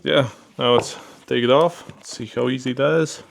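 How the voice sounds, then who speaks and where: Gravelly man reviewing gear casually. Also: mid-range voice, normal speed. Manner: relaxed, repeats fillers like "pretty cool" and "yeah"; handles the gear while talking. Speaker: product reviewer.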